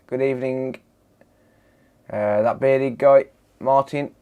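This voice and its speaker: A man talks slowly and easily in a casual live-stream chat. He reels off viewers' names in greeting and answers the chat with laid-back banter from his repair bench. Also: mid-range voice, fairly even intonation, darkish tone, smooth.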